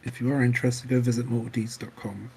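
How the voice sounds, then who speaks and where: With a brisk, creaky, mid-range voice, a man hosts a laid-back stream where he paints miniatures and spins animated stories, laughing frequently and swearing freely. Slight background noise is present.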